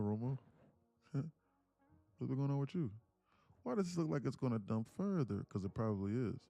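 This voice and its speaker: A man's voice: mid-range voice, vocal fry, warm tone, dry recording. A man hosting a trading live stream in a loose, casual way, often repeating himself and restarting phrases as he reads the chat. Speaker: livestream trading host.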